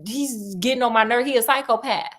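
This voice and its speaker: A woman's voice: on the high side, a little fast, close to an everyday voice. A woman voicing an exasperated schoolteacher who scolds a student.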